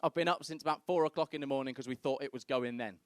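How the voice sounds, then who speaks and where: A man's voice: mid-range voice, quick pace, smooth, dry recording, studio quality. A young man telling crude stories on a comedy club stage, acting out the people in them. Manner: brash, crude storytelling, acts out other people's voices. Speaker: stand-up comedian. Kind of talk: stand-up comedy set.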